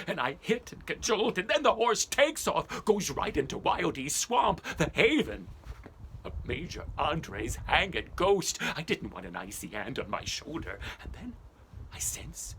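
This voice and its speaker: A male storyteller performing as an old, love-lorn schoolmaster, Ichabod Crane, telling the tale in a theatrical first-person style that drops into hushed whispers. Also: fairly high pitch, sing-song, unhurried. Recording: noisy background hiss.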